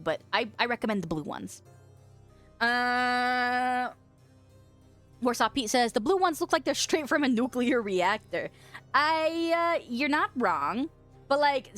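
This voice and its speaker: Her voice sits on the high side and sounds a bit bright. A young streamer from the western US, she chats loosely, reads out comments from viewers, curses freely and often breaks into laughter.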